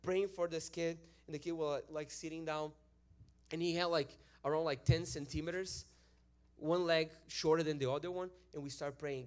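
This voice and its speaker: A Brazilian-accented man gives an excited sermon testimony in a somewhat high voice. He moves between soft, earnest prayer and loud bursts of praise. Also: moderate pace. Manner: animated storytelling, swings from hushed prayer to loud praise. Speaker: preacher.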